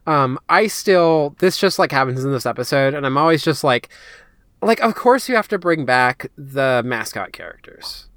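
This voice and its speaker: A man chats casually as a podcast co-host, animated and thinking out loud with plenty of filler words. His voice is smooth and resonant. The sound is dry and close to the mic. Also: medium pitch, dry recording. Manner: animated, lots of filler words, quick asides. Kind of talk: casual chat.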